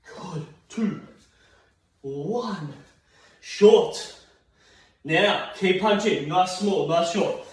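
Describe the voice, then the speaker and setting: Breathless, encouraging Australian fitness coach. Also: male voice, high voice, extremely slow, pauses often, slight background noise. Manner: upbeat, encouraging, counts reps aloud. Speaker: fitness instructor. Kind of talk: guided seated exercise class. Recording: very echoey room, mic far off.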